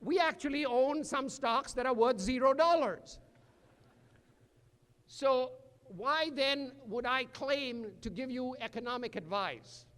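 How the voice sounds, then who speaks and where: An older man from India, giving a commencement address with dry humor and slow emphatic phrasing. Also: extremely high pitch, fairly bright tone. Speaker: commencement speaker. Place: large hall. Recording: echoey hall.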